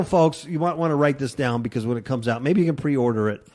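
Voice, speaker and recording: A man's voice: medium pitch, fast, a little mellow. Sarcastic male talk radio host. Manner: sarcastic, reads news aloud and riffs on it. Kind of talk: mocking talk radio commentary.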